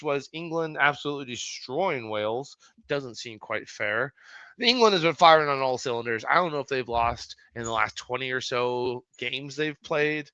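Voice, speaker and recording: A man hosting a casual sports recap show, talking loosely and swearing freely in animated outbursts. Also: medium pitch, clean tone, no room sound. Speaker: sports podcast host. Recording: dull lo-fi sound, dry.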